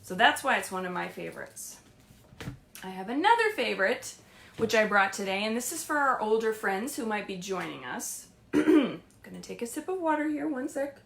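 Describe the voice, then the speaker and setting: A woman librarian reading picture books aloud to young children in a sing-song, animated storytelling voice, often asking them questions. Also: mid-range voice, normal speed, creaky, slight background noise. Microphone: streamed live.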